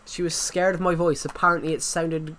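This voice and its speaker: Brisk and a bit bright, this slightly high, level-toned voice belongs to an Englishman hosting a livestream. He rambles casually, full of fillers and restarts, and his throat is sore.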